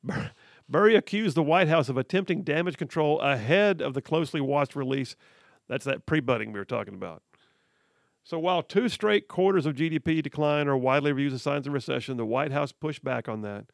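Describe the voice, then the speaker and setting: Sarcastic talk radio man, gravelly. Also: fairly high pitch, animated, fairly quick, no echo, studio quality. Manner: sarcastic, laughs often, reads headlines aloud. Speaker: radio talk show host. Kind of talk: political talk radio commentary.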